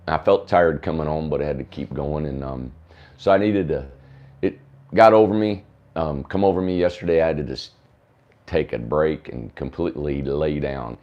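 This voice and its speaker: A hoarse man with a drawl rambles through a casual livestream update, with plenty of ums along the way. His voice sits very low, and the sound is a little dull and muffled. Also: normal speed. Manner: rambling, with many fillers. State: hoarse from a sore throat. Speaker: host of a tiny homes livestream.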